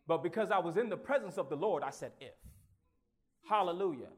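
A man preaching a sermon with his own testimony, swinging from hushed, halting recollection to loud exclamations, often stammering and repeating words. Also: high voice, animated.

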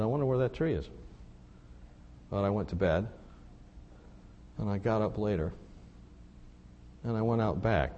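A man's voice: lowish voice, dark tone, highs cut off, slight background noise. Man preaching a personal story. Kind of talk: sermon storytelling.

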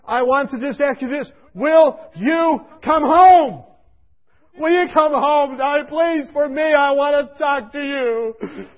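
A man's voice: extremely high pitch, takes it slowly, pitched above the performer's own voice. A man voicing a weeping older mother pleading urgently on the phone, in a dull lo-fi radio recording. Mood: tearful begging.

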